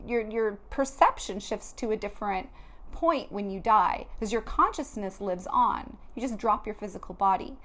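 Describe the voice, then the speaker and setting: Earnest woman, spiritual vlogger, mid-pitched, heartfelt and unscripted. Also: expressive, normal speed, a bit bright. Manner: earnest, heartfelt, loose with many restarts. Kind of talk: earnest motivational talk to camera.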